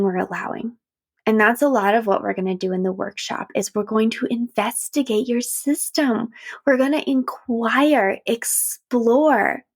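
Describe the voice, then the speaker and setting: Gravelly-voiced woman coaching gently. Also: fairly high pitch. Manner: gentle, warm-hearted, encouraging, acts out inner voices. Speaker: podcast host and coach. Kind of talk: reflective solo podcast talk.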